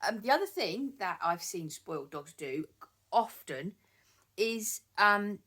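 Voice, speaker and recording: Woman, dog trainer, lowish voice, rambling chatty delivery with ums. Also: lively intonation, moderate pace, fairly bright tone. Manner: chatty, repeats words, many ums. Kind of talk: casual talking-to-camera advice.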